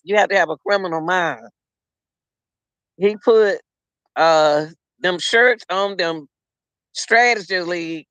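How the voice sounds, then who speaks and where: A man's voice: high voice, vocal fry, fairly bright tone, no echo. A middle-aged man hosting a casual livestream, rambling and chatting directly to his viewers. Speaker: livestream host.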